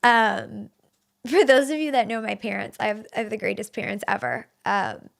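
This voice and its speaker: A woman's voice: mid-range voice, animated, moderate pace, vocal fry, fairly bright tone. A woman in her thirties hosting a solo podcast, talking in an earnest, emotional way with many fillers and restarts. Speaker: podcast host.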